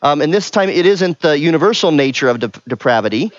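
A man's voice: a little high, animated, fast, no echo. Man preaching, asking the room questions. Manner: conversational, asks the room questions, frequent "right?". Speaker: pastor. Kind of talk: interactive sermon teaching. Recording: dull, lo-fi sound.

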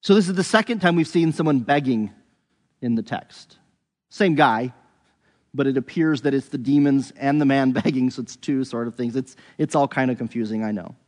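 A man's voice: medium pitch, normal speed, a little mellow, long reverb tail. A man giving a conversational Bible teaching, thinking aloud with frequent restarts and hedges.

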